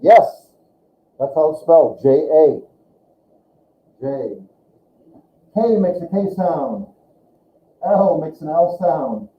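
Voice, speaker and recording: A male teacher giving a classroom language lesson, slowly drawing out sounds as he demonstrates them. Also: on the high side, big pitch swings. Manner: slow, drawn-out demonstration of sounds. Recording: echoey classroom over a tinny line.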